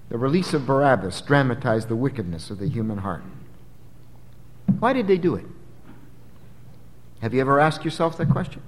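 A man preaching an expository sermon, emphatic, swinging from loud dramatic peaks to low, quiet drops. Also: animated, normal speed, long pauses. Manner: emphatic, dramatic rises and drops in pitch and volume. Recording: long hall reverb.

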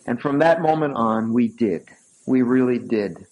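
A man's voice: mid-range voice, measured pace, rough recording. An older man, a pastor, preaching a sermon, telling a personal story and driving points home with sudden emphatic peaks. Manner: storytelling, animated swings from soft asides to raised emphatic peaks. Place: church sanctuary.

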